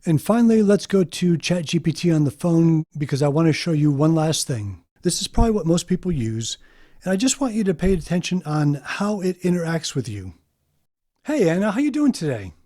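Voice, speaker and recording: A man hosting an explanatory video monologue, emphatic and deliberate, slowing down to stress key points. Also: fairly high pitch, sing-song, mellow. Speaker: video host.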